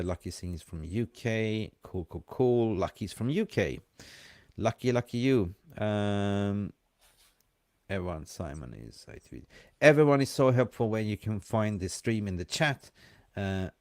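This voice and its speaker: A male co-host on a fan channel chats excitably during a casual live stream, bantering with viewers in chat. His accent is mixed with a hint of Australian, and his lowish voice moves at a normal speed with a dry, close sound and no room echo.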